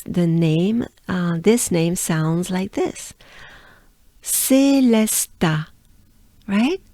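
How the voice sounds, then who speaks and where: A woman's voice: mid-range voice, darkish tone, no room sound. A woman from France with a French accent, patiently teaching pronunciation and drilling sounds with repetitions. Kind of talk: pronunciation lesson.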